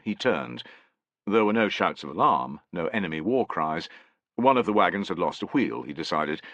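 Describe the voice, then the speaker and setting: Low-voiced guy reading a war epic audiobook, super lively pitch, close dry mic. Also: no echo. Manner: expressive, voices each character. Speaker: audiobook narrator. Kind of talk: dramatic audiobook narration.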